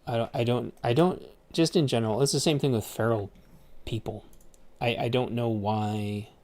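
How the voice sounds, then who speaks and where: A man's voice: mid-range voice, fairly even intonation, normal speed, darkish tone. A man ranting in a casual, rambling way, swearing often and repeating words as he restarts his sentences. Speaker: streamer. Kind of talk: casual rant.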